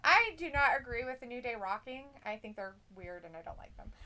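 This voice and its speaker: A woman with a Southern drawl co-hosts a casual live watch-along. Her voice is bright and a little high, and her pitch swings freely as she reads chat comments and jokes. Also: sing-song, a little fast. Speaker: co-host reading viewer chat.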